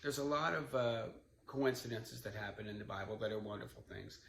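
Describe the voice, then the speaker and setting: A man's voice: fairly low pitch, flat delivery, brisk, gravelly. Man teaching scripture in an echoey room. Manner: conversational, retelling scripture with asides. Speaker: Bible teacher. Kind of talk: informal Bible study talk. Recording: echoey room with faint background noise.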